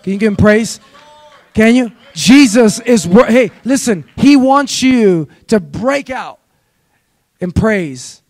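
A man preaching with a strikingly high voice, urging the congregation to answer him back. His delivery climbs into shouts at its peaks. The sound is dry and close. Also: lively intonation, slow pace, dry recording. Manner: exhorting, call-and-response with the congregation; storytelling with rising, shouted peaks. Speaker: pastor. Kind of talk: sermon.

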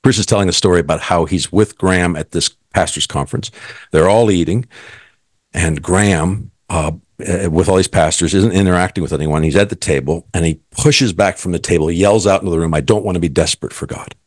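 A man's voice: low-pitched, brisk, dry recording, studio quality. A middle-aged man, a guest, earnestly telling his personal faith story and quoting what others said.

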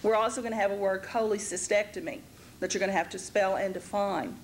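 A woman anatomy instructor giving a recorded lecture, speaking slowly and carefully, spelling out word parts letter by letter, with frequent pauses and throat-clearing. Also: mid-range voice, rough recording. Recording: faint background noise, archival lecture tape.

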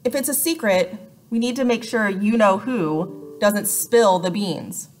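A woman's voice: medium pitch, unhurried, a little mellow, soft background music, lightly acted. Woman voicing a cheeky prankster boy. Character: mischievous young boy, dramatic prankster.

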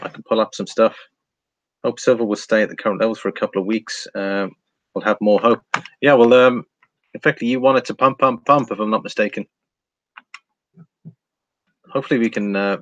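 A man's voice: fairly low pitch, a bit bright, no room sound, lo-fi sound. A man hosting a casual live stream, reading viewer comments aloud and talking through price charts, laughing often.

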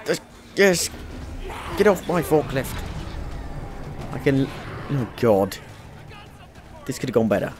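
A man's voice: medium pitch, very animated, slow, long pauses, noisy background. A young British man chatting through a video game, talking to the characters and yelping when things go wrong. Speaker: let's play gamer. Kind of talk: gameplay commentary.

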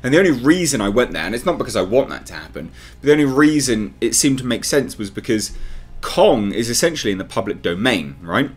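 A man's voice: medium pitch, big pitch swings, quick pace, husky. A man hosting his own channel, giving casual to-camera commentary on movie rumors in a chatty, speculative way. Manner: chatty, speculative, talks straight to viewers. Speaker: film commentary YouTuber.

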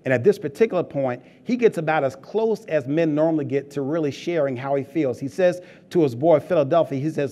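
Warm in tone and on the high side, a male pastor delivers a sermon a little fast, with hardly any pauses. His preaching is humorous and relaxed, and he calls out to the laughing congregation.

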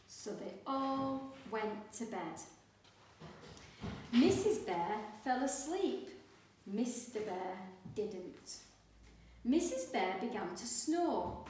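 A woman teacher reading a picture book aloud to young children, slow and expressive, doing the sound effects. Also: fairly high pitch. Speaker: primary school teacher. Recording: echoey room, mic far off.

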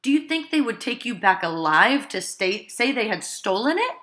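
A woman voicing Juana, a young mother who pleads hoarsely and urgently with her husband to run. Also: a little high, big pitch swings, normal speed, fairly bright tone, voice pushed up. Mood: urgent pleading.

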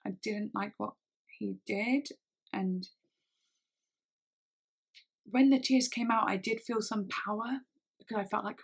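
A woman telling a personal story in a storytime vlog, speaking haltingly with frequent pauses and restarts. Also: medium pitch, fairly even intonation, gravelly, slightly rough. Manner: halting, hesitant speech with many restarts. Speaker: vlogger.

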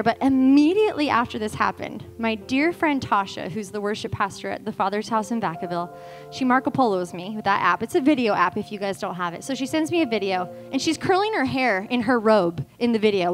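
Animated woman preacher, high voice. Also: quick pace, faint music behind. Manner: animated, breaks into quoted dialogue, many fillers. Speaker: guest speaker. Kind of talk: conversational sermon storytelling. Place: church sanctuary.

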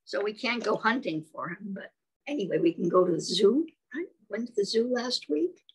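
A woman's voice: medium pitch, animated, moderate pace, slightly rough, low-quality recording. A woman reading a picture book aloud to small children, chatty and asking them little questions. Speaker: storybook reader for children.

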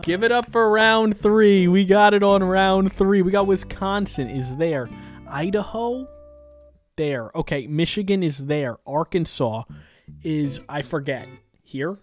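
A woman from New York giving excited gaming commentary, exclaiming often and talking straight to her viewers. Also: sits low, measured pace, soft background music. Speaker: gaming creator.

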